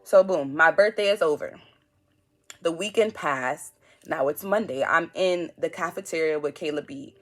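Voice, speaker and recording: Speaking in a deep voice at a moderate pace, a young New York woman vlogs a storytime. She's blunt and animated, using slang and acting out what people said.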